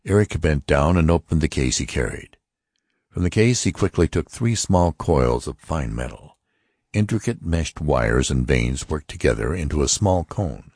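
Very deep-voiced male narrator. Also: a little mellow, no room sound, clean studio sound. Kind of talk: audiobook narration.

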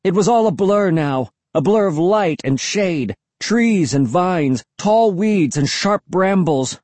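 Husky, expressive audiobook narrator. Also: mid-range voice, slow pace, hardly any pauses, no echo. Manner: dramatic, expressive reading. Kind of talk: scripted first-person narration.

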